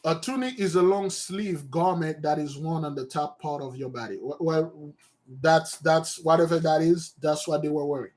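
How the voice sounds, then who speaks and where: A man's voice: on the high side, normal speed, darkish tone. A man leading an informal study session, reading a text aloud and explaining it in a rambling, self-correcting way. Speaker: study host.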